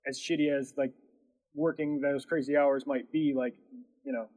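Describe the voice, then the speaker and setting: A man's voice: medium pitch, flat delivery, moderate pace, darkish tone, low-quality recording. A man who runs a production company, telling a story in casual chat, rambling with lots of fillers and laughing as he goes.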